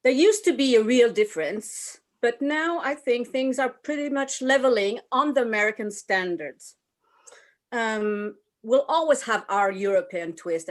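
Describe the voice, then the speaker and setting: Older french lady on a video call, chatty guest, kinda high voice. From France. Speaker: guest, burlesque performer.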